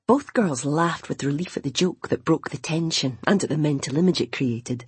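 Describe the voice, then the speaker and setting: A woman reading a novel aloud in an expressive way, voicing its characters. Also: a bass voice, normal speed, few pauses, slightly rough, no echo. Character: Imogen, determined young blind woman wanting a baby. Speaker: audiobook narrator. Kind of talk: scripted novel narration with character voices.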